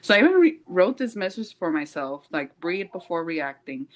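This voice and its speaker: Lower-voiced woman co-hosting a casual podcast. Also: moderate pace, hardly any pauses, lo-fi sound. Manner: animated, laughs often, mixes in Spanish phrases. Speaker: podcast co-host. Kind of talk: casual chat.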